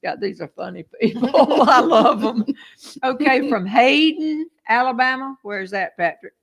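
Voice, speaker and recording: A woman's voice: fairly high pitch, animated, unhurried. An older woman with a Southern US accent, hosting a casual, teasing, folksy chat on a back porch. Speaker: host.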